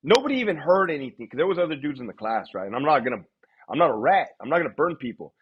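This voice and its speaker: A man's voice: on the high side, very fast, slightly rough, lo-fi sound. A man telling a story on a live stream, swearing freely and laughing often. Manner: animated, profane, laughs often. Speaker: livestream host.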